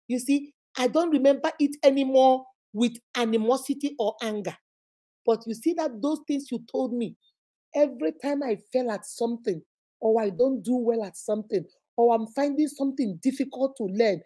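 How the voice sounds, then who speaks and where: A woman's voice: on the high side, dark tone. A woman with a Nigerian accent hosting a relationship advice livestream, speaking emphatically and preaching directly to her viewers.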